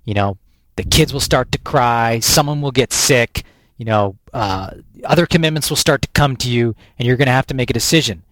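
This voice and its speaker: An American man, a professional speaker, telling a lively story as an interview guest and often repeating words as he restarts. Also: mid-range voice, fairly quick, no echo. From United States.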